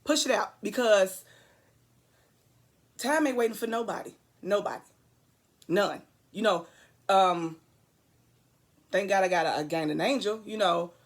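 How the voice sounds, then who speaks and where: Woman vlogging a pep talk, preachy and repetitive, mid pitch, rambles off on tangents. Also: unhurried, pauses often. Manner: earnest, preachy, emphatic repetition; loose, rambling asides. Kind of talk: motivational talk to camera.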